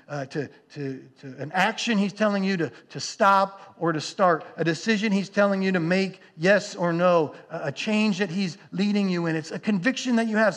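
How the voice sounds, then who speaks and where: A man preaching a sermon as pastor, earnest, often repeating words as he builds a point. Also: sits high.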